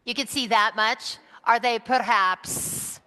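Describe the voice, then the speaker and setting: Bright, encouraging woman in a reverberant sanctuary. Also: on the high side, fairly even intonation, takes it slowly. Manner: encouraging, coaxing, asking children many questions. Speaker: leader of a children's message. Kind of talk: interactive children's message during a church service. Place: church sanctuary.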